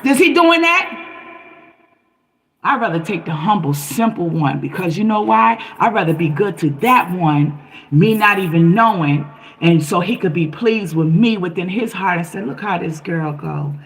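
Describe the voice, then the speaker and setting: A livestream host speaks to her viewers in a passionate, preachy monologue, firing off rhetorical questions. Her voice sits on the low side, her pace is normal, and the recording is rough.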